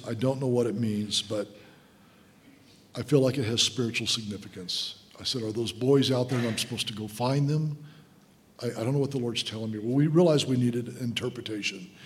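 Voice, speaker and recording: A man's voice: mid-range voice, a little hiss or hum. A man in his sixties preaching a sermon, telling an emotional story and calling the listeners guys. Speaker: guest preacher. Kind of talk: sermon testimony. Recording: long hall reverb.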